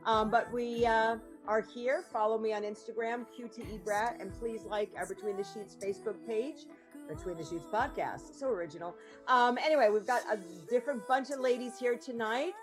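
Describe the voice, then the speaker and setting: A woman's voice: fairly high pitch, moderate pace, faint music behind. A woman hosting a podcast, chatting in a rambling way with lots of ums. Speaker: podcast host. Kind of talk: casual chat.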